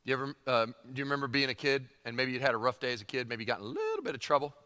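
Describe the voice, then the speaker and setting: A man preaching a sermon, emphatic and animated, repeating phrases for emphasis. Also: medium pitch, racing. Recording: long hall reverb.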